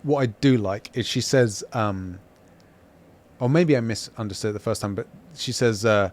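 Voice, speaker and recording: A man's voice: fairly low pitch, moderate pace. A man co-hosting a casual podcast review, talking through a fantasy episode with frequent restarts and little acted-out quotes. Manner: animated, acts out quoted lines, frequent restarts. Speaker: podcast co-host.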